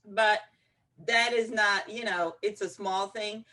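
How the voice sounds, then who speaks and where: A woman film critic chatting on a movie review roundtable in a relaxed, easygoing way. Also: medium pitch, slow. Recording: voice distant from the mic.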